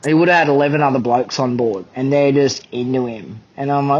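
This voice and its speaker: A man's voice: medium pitch, fairly quick, hardly any pauses, darkish tone, lo-fi sound. A young Australian man telling a fishing charter story as a podcast guest, blunt, profane and often laughing. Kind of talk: casual anecdote telling.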